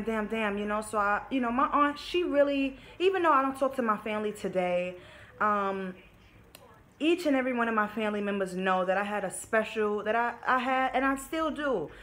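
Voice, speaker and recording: A young woman vlogger tells her viewers a personal story in a casual vlog, candid and emotional, swearing freely and calling them her babies. Her voice is a little high and a bit bright.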